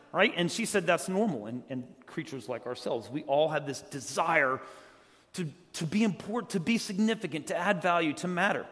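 A middle-aged man from South Carolina preaching in a church, telling funny stories in a casual way and then turning quiet and earnest. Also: fairly high pitch. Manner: joking, conversational, swings from loud storytelling to quiet earnest. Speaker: guest preacher. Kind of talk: humorous storytelling sermon. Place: church sanctuary. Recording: long church hall reverb.

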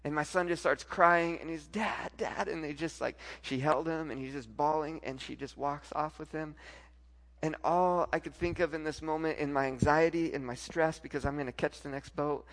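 Animated man telling a story, slightly high voice. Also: normal speed, long reverb tail. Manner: animated storyteller, repeats words, acts out dialogue. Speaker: speaker telling a personal faith story. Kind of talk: storytelling talk to a live audience.

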